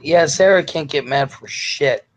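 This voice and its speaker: A man's voice: fairly high pitch, unhurried. A man, hosting a live-stream chat, rambling, sighing and reading viewer comments aloud with jokes. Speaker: show host.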